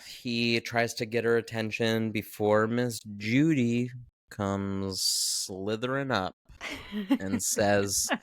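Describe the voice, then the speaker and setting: A man's voice: lowish voice, steady tone, takes it slowly, smooth, dry recording, studio quality. A man co-hosting a podcast, talking casually and thoughtfully about a film, often hesitating and restarting his sentences. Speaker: podcast co-host. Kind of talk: casual chat recapping a film.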